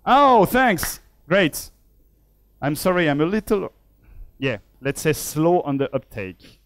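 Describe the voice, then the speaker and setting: A man from Switzerland talks slowly through a live coding demo at a conference. He thinks aloud as he types and pokes fun at himself. The sound is close and dry, with almost no room echo. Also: on the high side, big pitch swings, fairly bright tone, clean tone. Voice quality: measured, self-deprecating. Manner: thinks aloud while typing code. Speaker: conference speaker. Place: conference hall.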